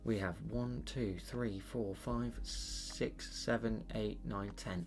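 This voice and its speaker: A man chatting casually on a livestream while he paints, rambling and thinking out loud with many fillers. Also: lowish voice, steady tone, a little slow, few pauses, faint music behind.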